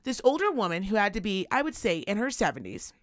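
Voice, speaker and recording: Female co-host, profane and animated, swings her pitch widely, dry close mic. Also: fast talker, dry recording. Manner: animated, profane, acts out voices. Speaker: podcast co-host. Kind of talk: casual chat, storytelling rant.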